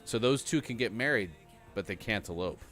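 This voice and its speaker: Lively deep-voiced male show host. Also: brisk, soft background music. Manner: chatty, laughs at his own jokes. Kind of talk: casual live-stream chat.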